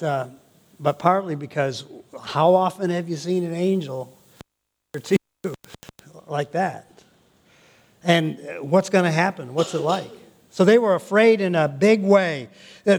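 Older male pastor, high voice, animated sermon delivery with laughing asides.

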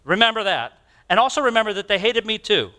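A male preacher voicing a calm, patient teacher reassuring his followers during a sermon. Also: high-pitched, fast, voice pushed up.

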